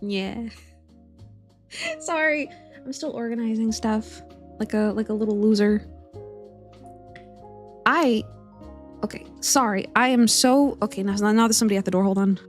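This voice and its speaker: A woman's voice: a little high, unhurried, pauses often, faint music behind. A young woman streaming from home, chatting casually and a little rambling, giggling as she greets her chat by name.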